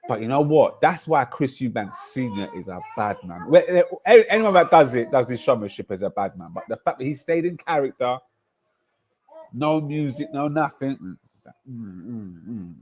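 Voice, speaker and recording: A man, hosting a casual football livestream, ranting in slang and swinging between loud outbursts and low mutters. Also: lively intonation, moderate pace. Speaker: football streamer.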